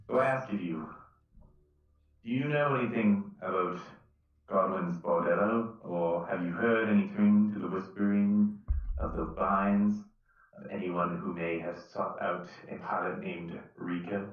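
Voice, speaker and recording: A man's voice: lowish voice, measured pace, lightly acted. A man playing a solemn desert ship captain, speaking in formal, old-fashioned phrases. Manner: formal, archaic in-character speech. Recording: roomy, distant, dull lo-fi mic.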